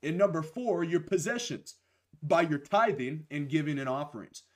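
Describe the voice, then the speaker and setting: A young man with a fairly high voice preaches a sermon over a live stream. His voice is a little hoarse after a week of preaching. He talks with conviction, slowing down to lean on the key phrases. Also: animated, a little mellow. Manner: emphatic, slows and stresses key phrases, greets viewers by name. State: losing his voice.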